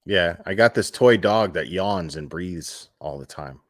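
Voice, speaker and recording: A man's voice: sits low, unhurried, no echo, clean studio sound. Sarcastic rambling man on a livestream. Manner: sarcastic, rambling, swears freely. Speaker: true crime livestream host. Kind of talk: casual livestream chat.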